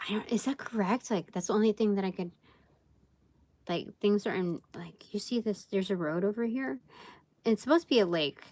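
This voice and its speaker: A woman's voice: on the low side, a little mellow. A woman giving a casual live tarot reading, rambling and thinking aloud with many fillers. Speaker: tarot reader.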